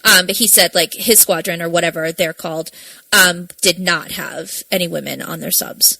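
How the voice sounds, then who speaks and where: Young woman podcast co-host, bright, chatty, swears freely, dry close sound. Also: lowish voice, fairly even intonation, moderate pace, gravelly, dry recording, rough recording. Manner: chatty, laughs often, swears casually. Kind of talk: casual chat.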